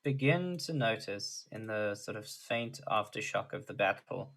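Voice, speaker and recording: Halting man running a tabletop game. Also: lowish voice, animated, creaky, a bit bright. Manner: halting, filler-heavy narration. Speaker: dungeon master.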